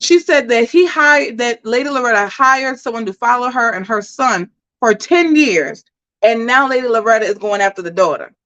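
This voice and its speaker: Lady on a livestream going off to her chat, animated and emphatic, kinda high voice. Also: normal speed, low-quality recording. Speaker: host. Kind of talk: livestream commentary.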